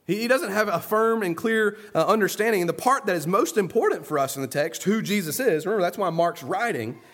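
A man preaching an earnest sermon, moving between soft, low asides and loud, emphatic stresses. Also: animated, fairly quick. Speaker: pastor.

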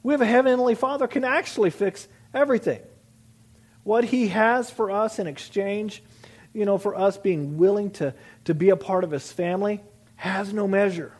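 A middle-aged male pastor with a fairly high voice gives a sermon. He preaches in an earnest, conversational way, often restarting his sentences and moving between reading scripture and telling family stories. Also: normal speed, a little mellow.

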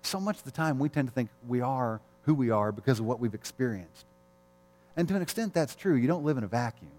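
A man's voice: medium pitch, animated, brisk, a little mellow. Candid middle-aged man preaching in a hall. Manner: candid and conversational, telling personal stories with frequent chuckles. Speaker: pastor. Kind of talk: sermon. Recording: long reverb of a large hall.

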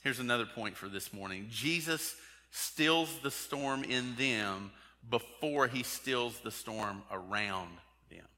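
A man preaches a conversational sermon to his congregation and keeps putting questions straight to them. His voice is bright and forceful. It rings out with a long reverb through a large sanctuary. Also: mid-range voice, takes it slowly. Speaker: pastor.

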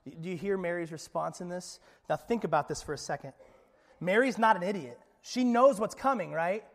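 A man preaching a sermon in an animated, conversational way, acting out voices from the Bible story and often repeating his words. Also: sits high, normal speed. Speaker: pastor. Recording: long church hall reverb.

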